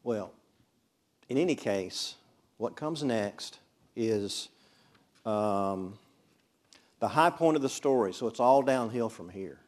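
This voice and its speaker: Leading a Bible study in a board-equipped classroom, this man from Mississippi, USA, speaks in a chatty way and keeps questioning his students. His lowish, darkish voice has lively intonation, a slow pace and long pauses.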